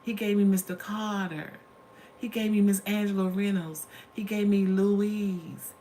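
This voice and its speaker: A woman's voice: mid-range voice, steady tone, a little slow, warm tone, a little hiss or hum. A middle-aged woman hosting a casual livestream from home, telling stories in a chatty way and calling her viewers honey and y'all. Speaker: livestream host.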